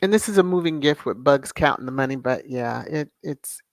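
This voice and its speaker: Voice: medium pitch, animated, no room sound. A channel host on a casual livestream who reads viewer comments aloud, greets people by name and laughs often, with many fillers. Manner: drawn-out, unhurried delivery with frequent fillers.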